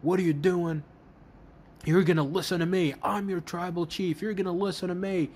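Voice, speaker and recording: A man's voice: mid-range voice, lively intonation, unhurried, a little mellow, a little hiss or hum, lightly acted. A man doing a commanding male wrestling chief who pressures everyone into going his way. The lines come out in a raised, pushy register, with urging questions and hard orders. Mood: angry. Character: commanding adult male wrestling boss, domineering.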